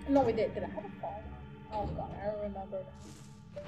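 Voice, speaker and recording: A woman's voice: mid-range voice, moderate pace, music in the background. A young woman giving nervous, jumpy commentary while playing a video game, gasping and exclaiming as she goes. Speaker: let's play gamer. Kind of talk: frightened gameplay commentary.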